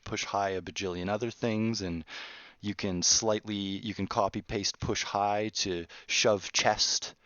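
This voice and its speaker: A man's voice: on the low side, steady tone, measured pace, a bit bright, no echo. A man, a game developer, explaining his work in a casual, rambling behind-the-scenes talk full of restarts. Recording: dull, muffled, dry sound.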